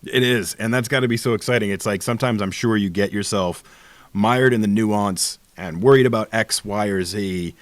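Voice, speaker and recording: A man's voice: fairly low pitch, normal speed, dry recording. A man hosting an interview, asking long, rambling, enthusiastic questions. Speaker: interview host. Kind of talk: casual interview conversation.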